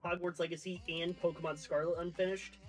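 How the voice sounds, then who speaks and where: High-voiced young man with dry quips. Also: level tone, a little fast, poor audio. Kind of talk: casual chat.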